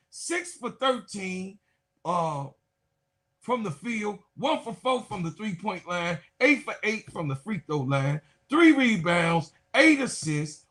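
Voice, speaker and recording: High, husky-voiced man breaking down basketball. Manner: animated, addresses viewers directly, trails off into asides. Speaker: sports commentator. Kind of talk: casual basketball commentary.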